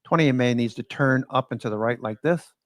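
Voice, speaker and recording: A man's voice: medium pitch, quick pace, no room sound. An older American man hosting a trading show, thinking aloud in loose live commentary on stock charts, with many fillers. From United States.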